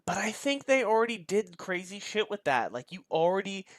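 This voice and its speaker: A man co-hosting a casual podcast chat, talking in a relaxed, hesitant way with casual swearing. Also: high-pitched, moderate pace, dry recording. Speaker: podcast co-host reviewing a film.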